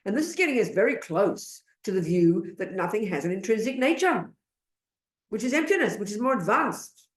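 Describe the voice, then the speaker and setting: A woman with an Australian accent giving a Buddhist dharma talk in an animated, blunt and emphatic way. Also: mid-range voice, moderate pace, echoey room. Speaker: Buddhist teacher.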